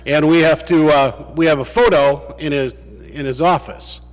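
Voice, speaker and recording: In his farewell speech, a state legislator entertains fellow lawmakers with dry, humorous anecdotes. His voice is a little high, his intonation fairly even and his pace moderate. The large legislative chamber lends a long reverb.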